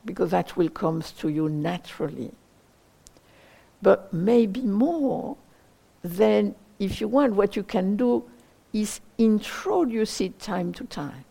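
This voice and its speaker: A woman meditation teacher giving a dharma talk, searching for words slowly with many pauses and hedges. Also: medium pitch, creaky, dark tone.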